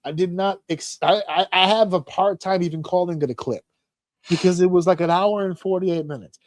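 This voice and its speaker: A man co-hosting a podcast, telling a story in casual chat with lots of swearing and animated excitement. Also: high-pitched, fairly quick. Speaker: podcast co-host.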